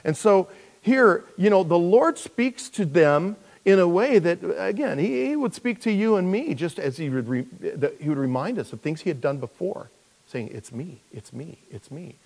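A male pastor preaching a conversational sermon, with many restarts and now and then putting on playful high voices for characters. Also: lively intonation, moderate pace, darkish tone, big-room sound.

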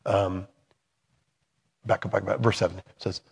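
A man preaching a sermon in a conversational way, swinging from loud emphatic bursts to soft, hushed lines. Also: fairly low pitch, normal speed, vocal fry, long pauses, slightly rough.

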